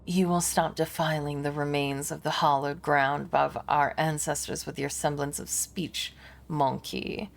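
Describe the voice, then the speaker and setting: A menacing male alien harlequin, read aloud by a woman streamer, looms over his listeners with slow, scornful grandeur. The voice sits low and gravelly, and every word drips with cold contempt. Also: little pitch movement. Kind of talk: reading game dialogue aloud.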